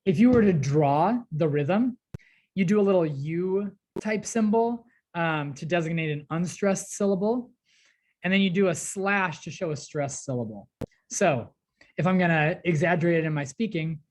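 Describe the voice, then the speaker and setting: A teacher recording an online class lesson, explaining a poem step by step with frequent "um" and "right?" checks. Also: mid-range voice. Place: home or classroom at a desk, working on a tablet.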